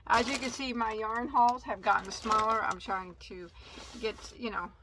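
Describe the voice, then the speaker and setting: A woman's voice: on the high side, steady tone, moderate pace, sharp tone, slight background noise. A woman hosting a casual yarn haul video, chatty and tripping over yarn names. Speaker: crochet channel host.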